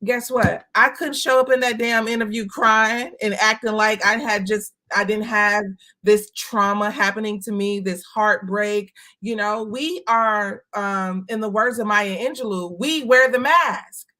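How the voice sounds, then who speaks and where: A woman's voice: mid-range voice, fairly even intonation, a little slow, pushed and bright. A woman from Chicago talking candidly in a casual chat, emphatic and blunt, swearing now and then. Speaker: co-host.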